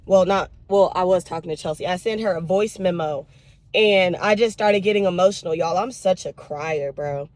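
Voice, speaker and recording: A young woman with a lowish voice talks at a normal speed while vlogging from her car during a drive-thru run. She's chatty, emotional and animated, calling her viewers y'all, with vehicle noise in the background.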